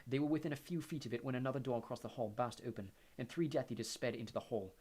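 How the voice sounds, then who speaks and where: A man narrating an audiobook in a steady storytelling manner. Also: mid-range voice, quick pace, husky. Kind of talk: audiobook reading.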